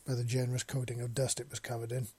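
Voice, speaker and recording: Brief: male storyteller, dark husky voice, dry close sound. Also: mid-range voice, very fast, no echo. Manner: plain steady reading with small slips. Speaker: narrator. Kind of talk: reading fan fiction aloud.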